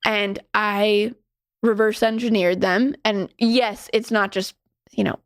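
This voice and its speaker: A woman's voice: mid-range voice, steady tone, slow, no echo, clean studio sound. A woman giving a casual spiritual talk as a teacher. She is chatty, fills her speech with many "like"s and laughs often as she goes. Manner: laughs often while talking.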